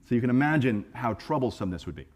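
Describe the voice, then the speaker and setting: A man preaching a sermon in a conversational, animated way, acting out voices and often repeating words as he starts a phrase. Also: medium pitch, quick pace. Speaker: pastor. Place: church sanctuary.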